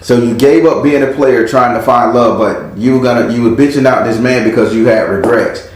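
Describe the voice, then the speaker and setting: Talking a little fast over slight background noise, a man with a mid-range voice does a relaxed past-life tarot reading. He swears freely, speaks bluntly, and uses sound effects to animate the tale, all in a very echoey space.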